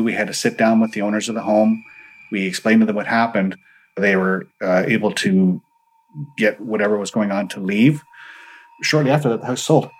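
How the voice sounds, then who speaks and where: A man's voice: lowish voice, husky, low-quality recording. A man, a paranormal investigator, earnestly recounting his investigations in an interview and acting out the dialogue he quotes.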